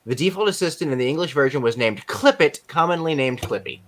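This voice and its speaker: A man's voice: fairly high pitch, lively intonation, fast talker, a bit bright, a little hiss or hum. A man co-hosting a casual show, playful and argumentative. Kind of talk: casual chat.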